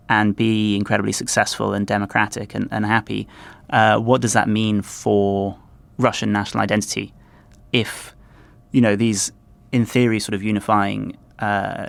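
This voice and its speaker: A man with a low, gravelly voice and a flat, even delivery gives conversational podcast analysis. He reasons out loud, pausing and restarting often as he builds his point. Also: no room sound. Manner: thoughtful, hesitant with many restarts. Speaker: podcast contributor.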